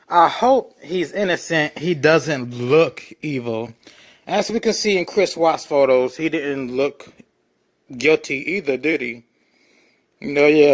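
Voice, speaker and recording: A man hosting a show, reading articles and comments aloud in a sarcastic, mock-incredulous tone and repeating phrases over and over. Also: fairly high pitch. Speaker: show host.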